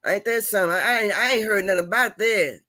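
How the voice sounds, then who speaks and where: A man's voice: high voice, fast, over a noisy crowd. A man hosting a casual chat show, laid-back and talking straight to his viewers. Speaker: host.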